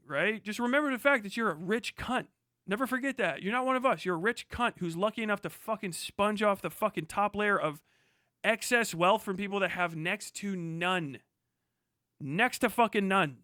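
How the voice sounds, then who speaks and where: A streamer on a live stream, ranting in a heated, profane, rapid-fire way. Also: male voice, high voice, bright, forceful tone, dry recording, studio quality. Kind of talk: profane livestream rant.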